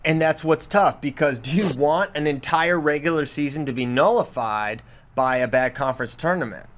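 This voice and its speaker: A man in his thirties with a somewhat high voice, co-hosting a relaxed podcast conversation. He tells stories with animation and slips into a high, excited voice when quoting his son. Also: normal speed. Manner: animated storytelling, mimics his son's voice. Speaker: podcast co-host. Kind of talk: casual chat.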